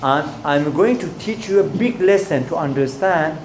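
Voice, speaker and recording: Proud emperor, quick to anger, scolding sharply from up high, as a male preacher puts him on, roomy echo. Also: lively intonation, slight background noise, close to an everyday voice. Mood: indignant. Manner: indignant, scolding. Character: angry, proud male emperor, short-tempered.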